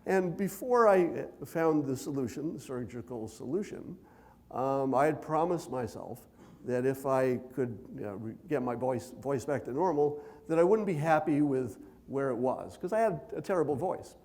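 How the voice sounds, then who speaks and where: A man giving a conference keynote speech, conversational with dry self-deprecating humor, deliberately speaking at a raised pitch. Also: lively intonation, darkish tone. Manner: loose, unhurried delivery with many fillers and asides.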